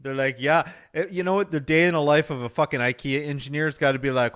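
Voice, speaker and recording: Male podcast co-host, slightly high voice, crude and rambling jokes. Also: fairly even intonation, quick pace, hardly any pauses, fairly bright tone, smooth. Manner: profane, rambling, jokey rants. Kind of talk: casual chat.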